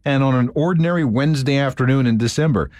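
A man's voice: mid-range voice, fast talker, darkish tone, dry recording. A man narrating a scripted radio history segment, telling the story and acting out quotes. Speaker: radio host.

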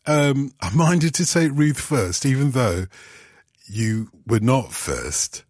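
A man's voice: medium pitch, very animated, slow pace, darkish tone, no echo, studio quality. A man presenting a radio phone-in, explaining himself earnestly and chatting with callers. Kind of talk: casual radio phone-in chat. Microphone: studio microphone.

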